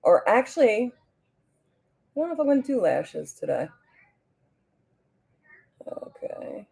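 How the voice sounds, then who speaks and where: Her voice is a little high, creaky, slightly rough and dark, with big pitch swings, and she takes things slowly. She's a New Jersey beauty streamer doing her makeup live. She chats with viewers, reads their comments aloud, and often leaves sentences unfinished.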